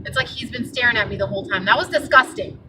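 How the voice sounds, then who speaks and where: A young woman vlogger telling a story in a casual, animated, indignant way, full of fillers. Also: a little high, fast, recorded from a distance, background noise. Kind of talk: casual vlog rant.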